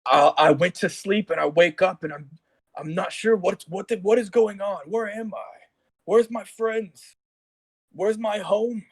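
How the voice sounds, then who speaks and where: A man voicing a confused ancient male warrior in a tabletop game, asking halting questions. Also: mid-range voice, reverberant, lightly acted. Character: bewildered ancient male warrior, just awakened.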